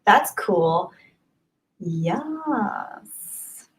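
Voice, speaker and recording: A woman's voice: mid-range voice, big pitch swings, extremely slow. A woman hosting a casual livestream, reading viewer comments aloud and answering them in an earnest, thankful, rambling way with many fillers. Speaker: YouTube livestream host.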